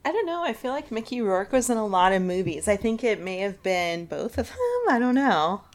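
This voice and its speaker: A woman's voice: medium pitch, lively intonation, brisk. A young woman co-hosting a podcast in casual chat, laughing often. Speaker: podcast co-host.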